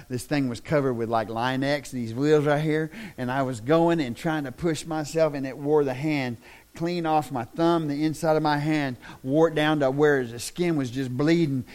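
A middle-aged man preaching a sermon in a folksy, plain-spoken way that swells into loud, impassioned shouting. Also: medium pitch. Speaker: pastor.

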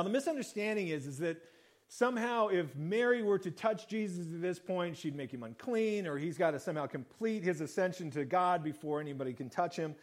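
Male pastor, high pitch, casual sermon delivery that acts out the quotes. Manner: conversational preaching, acts out quoted lines.

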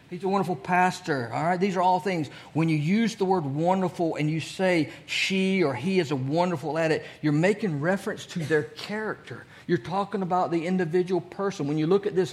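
A male pastor preaching a sermon in a folksy, conversational way, asking the congregation questions. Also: fairly high pitch.

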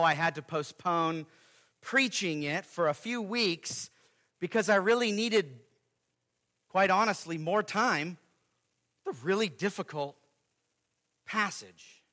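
A man preaching a sermon as pastor, earnest and explanatory, swinging between loud emphasis and quiet asides. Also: sits high, lively intonation, takes it slowly, pauses often.

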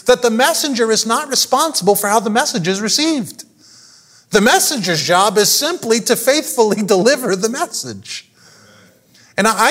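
A man's voice: very high-pitched, fairly bright tone. A male pastor preaching a sermon, posing rhetorical questions to his congregation and laughing often.

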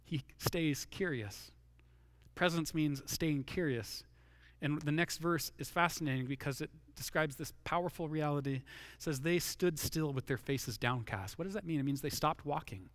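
A middle-aged man delivers a sermon in a high, bright voice, recorded close and dry. He is earnest and keeps returning to his key phrases, sinking lower and slower to drive them home. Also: dry recording. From Washington state. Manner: earnest, repeats key phrases, drops low and slow for emphasis. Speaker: pastor.

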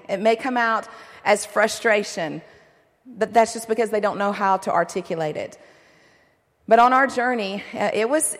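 A middle-aged woman giving a sermon-style talk to a men's conference, earnest and encouraging, with lively asides. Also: a little high. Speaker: pastor's wife speaking at a men's conference. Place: large hall. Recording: long hall reverb.

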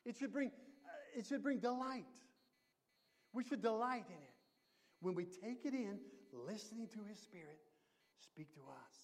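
Animated high-voiced preacher in a hall. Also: male voice, a little slow. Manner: emphatic preaching, swinging between loud and hushed. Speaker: pastor. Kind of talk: sermon.

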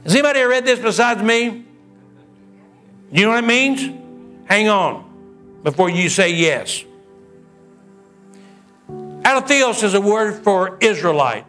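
With a sing-song, unhurried delivery full of pauses, a preacher voices the characters of his story, swinging his pitch widely. His tone is a bit bright, and soft music lingers in the background.

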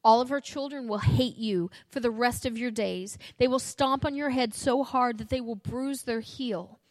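A woman voicing a stern, grieving male God who makes loud, commanding declarations. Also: a little high, moderate pace, no echo, natural voice. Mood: thundering.

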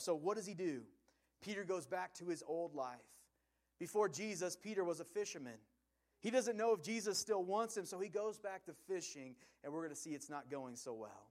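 A male pastor preaching an earnest, conversational sermon full of rhetorical questions. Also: fairly high pitch.

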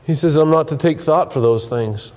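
A man's voice: a little high, normal speed, darkish tone. A man preaching a sermon, earnest and full of restarts, reading scripture aloud while losing his voice. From United States. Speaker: pastor.

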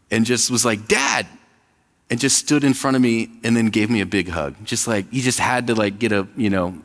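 A man's voice: fairly low pitch, a bit bright, in a large hall. A man in his thirties, pastor of a church, preaching a conversational sermon and acting out quoted voices. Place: church sanctuary.

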